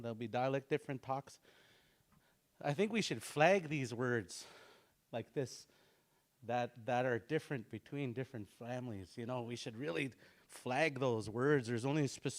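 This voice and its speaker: A middle-aged man teaching a relaxed language class, joking and repeating words slowly for practice. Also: medium pitch. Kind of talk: casual online language lesson.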